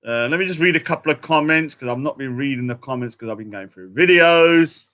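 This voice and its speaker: A man's voice: mid-range voice, fairly quick, a bit bright. A young man with a British accent, rambling and self-mocking as a livestream host in casual chat. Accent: British English.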